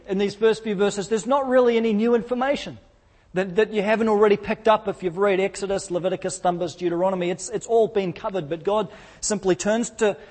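Kiwi pastor guy preaching, high-ish voice, acts out all the quotes. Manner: animated storytelling, acting out quotes. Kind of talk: sermon.

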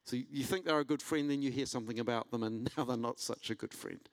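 A man preaching a sermon, telling a personal story and building to an animated delivery. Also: fast, no echo. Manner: storytelling, rising in pitch and intensity when preaching. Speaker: pastor.

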